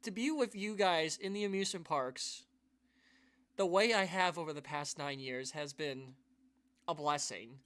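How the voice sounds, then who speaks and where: At a measured pace, a man with a slightly high, somewhat bright voice speaks to viewers of his YouTube live stream. He comes across as earnest and emotional, rambling, restarting and sighing throughout.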